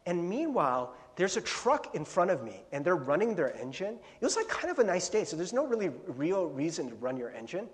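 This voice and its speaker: A middle-aged male pastor preaching a casual, storytelling sermon, chatty and laughing, breaking into bursts of yelling as he retells his own anecdotes. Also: high-pitched, sing-song, brisk, few pauses. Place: church sanctuary. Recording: long hall reverb.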